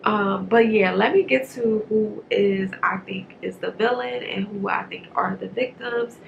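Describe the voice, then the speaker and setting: Chatty woman with a gravelly voice. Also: medium pitch, unhurried, lo-fi sound, slight background noise. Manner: chatty, rambling, animated. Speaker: movie reviewer. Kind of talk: casual movie review chat.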